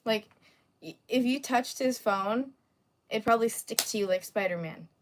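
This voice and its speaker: Young woman, sassy and teasing, livestream host, slightly high voice, laughs often. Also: normal speed, a little hiss or hum. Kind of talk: casual livestream chat with viewers.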